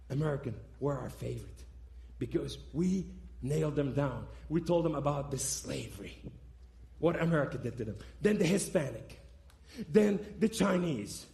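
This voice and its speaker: A man giving preached testimony to a church, impassioned, swinging between loud and soft. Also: fairly high pitch, creaky. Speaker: guest speaker giving testimony. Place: church sanctuary. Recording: echoey room sound.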